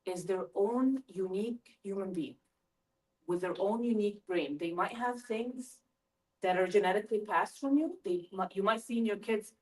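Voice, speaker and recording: A middle-aged woman giving a lively parent workshop talk, asking her audience questions as she goes. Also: mid-range voice, moderate pace. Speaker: school family-engagement presenter. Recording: voice from a distance from the mic.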